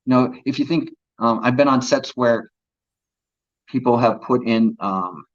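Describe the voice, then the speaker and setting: Man, actor, interview guest, earnest storytelling, mid pitch, muffled lo-fi audio. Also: measured pace. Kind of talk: casual interview chat.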